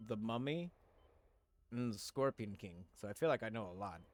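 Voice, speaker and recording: A male livestreamer with a voice on the low side speaks expressively at a moderate pace. He chats casually with his viewers, rambling and joking, talking to chat with many fillers, restarts and casual swearing.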